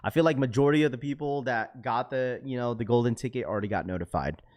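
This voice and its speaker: A young man hosting a casual live stream, reading viewer comments aloud and bantering back in slangy talk, climbing loud and high when he gets worked up. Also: fast. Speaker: livestream host.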